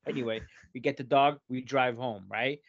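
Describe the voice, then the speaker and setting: A man's voice: medium pitch, fairly even intonation, moderate pace, no room sound. A man on a podcast, telling a long profane story with lots of acted-out voices. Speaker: podcast co-host. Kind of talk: casual storytelling chat. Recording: dry, dull lo-fi podcast audio.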